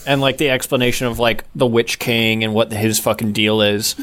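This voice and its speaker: A man co-hosting a podcast, joking around in a slangy, easygoing way. His voice has an ordinary, mid-range pitch. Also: fairly even intonation, normal speed, fairly bright tone, clean tone. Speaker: podcast co-host. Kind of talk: casual chat.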